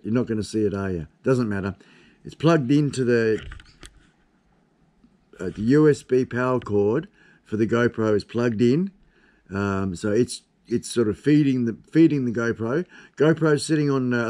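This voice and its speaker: A man's voice: mid-range voice, darkish tone. An Australian man in his fifties chats his way through a live stream from his desk at home. His talk is loose and rambling, full of casual swearing and easy asides to his viewers. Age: 50s. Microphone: camera on desk.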